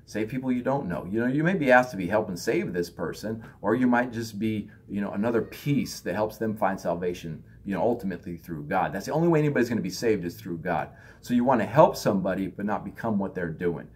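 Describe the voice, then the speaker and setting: Husky low-voiced man giving a spiritual talk. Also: a little mellow. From United States. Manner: loose, conversational, acts out others in raised voices. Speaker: spiritual teacher.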